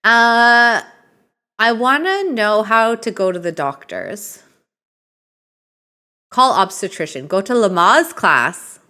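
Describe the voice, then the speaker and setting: Lively, bright-voiced woman streamer. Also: mid-range voice, slow, long pauses. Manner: chatty, reads game options aloud, greets chat viewers. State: tired. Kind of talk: live game stream commentary.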